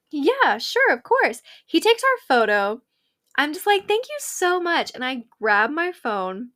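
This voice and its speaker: A young woman, hosting a podcast and telling stories in a bubbly, animated way with lots of quoted dialogue. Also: a little high. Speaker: podcast host. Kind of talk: casual storytelling.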